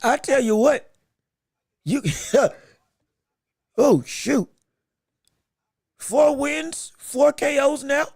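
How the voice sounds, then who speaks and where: A man hosting a livestream fight commentary podcast, excitable and emphatic, talking in casual slang and repeating himself for emphasis. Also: extremely high pitch, very slow, long pauses, no room sound, studio quality. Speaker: podcast host.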